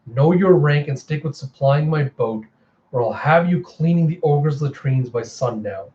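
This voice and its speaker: A man's voice: a little high, lively intonation, measured pace, dark tone, muffled recording. A man voicing a cold, stern general who speaks curtly and threateningly. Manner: curt, threatening.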